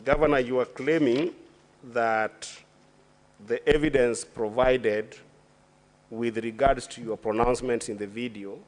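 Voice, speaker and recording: At a formal hearing in a senate chamber, a senator with a Kenyan accent questions a witness at medium pitch and with fairly even intonation. He is deliberate, with lots of fillers and restarts.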